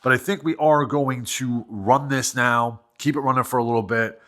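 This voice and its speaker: A man's voice: mid-range voice, fairly even intonation, normal speed, a bit bright. A man from New Hampshire giving casual running commentary while working on an old vehicle, rambling into joking, self-deprecating asides.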